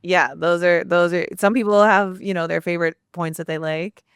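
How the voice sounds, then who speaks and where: Calm woman coach, smooth low voice. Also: moderate pace, no room sound, studio quality. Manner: calm, encouraging instructions. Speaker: subconscious transformation coach. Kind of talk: guiding a tapping exercise.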